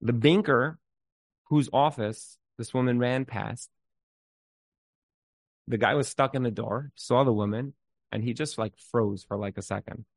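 Unhurried and medium in pitch, a man gives relationship advice with long pauses in an informal, storytelling talk. He's earnest and emphatic, repeats words as he works through his thoughts, and mixes in Hebrew terms.

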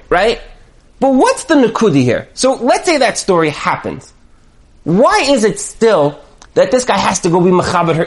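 A man with a high, bouncing voice delivers a storytelling sermon. He talks like an animated storyteller, chuckling as he goes, his pitch leaping up and down. He sounds like a religious teacher drawing a lesson from a tale. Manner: animated storyteller who chuckles while talking.

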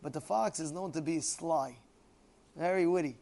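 A man, a rabbi, preaching a sermon through a parable, telling it in an animated way and often adding "you know". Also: on the high side, normal speed, creaky. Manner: animated storyteller, acting out every character.

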